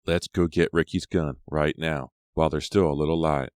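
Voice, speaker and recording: A man's voice: very deep voice, steady tone, normal speed, a little mellow, dry recording, studio quality. A man voicing a restless teenage boy in an audiobook, muttering. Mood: urgent.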